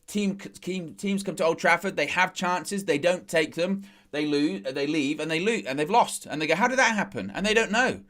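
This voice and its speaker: A man's voice: a little high, moderate pace, few pauses, fairly bright tone. A man hosting a football fan show, chatting casually after a match and building up emphasis on his key points. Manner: reads out quotes then comments. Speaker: football fan-channel host.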